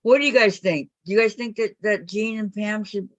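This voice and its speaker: An older woman hosts a casual quilting live stream over a video call. She teases her guests with a laugh and reads out viewer comments. Her voice sits at an ordinary pitch, and the sound is dry and close. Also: a little fast, no echo, muffled recording. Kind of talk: casual chat, reading chat comments aloud.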